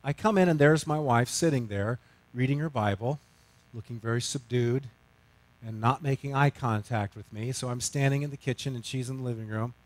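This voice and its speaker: A middle-aged male pastor telling a story in a sermon, self-mocking and animated, swinging from loud to hushed. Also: mid-range voice, fairly quick.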